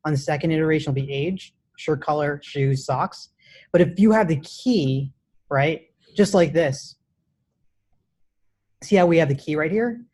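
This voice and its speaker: A man's voice: a little high, a little slow, darkish tone. A man teaching a live coding class in a classroom, casual and chatty, with many restarts and "right?" checks. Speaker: coding instructor.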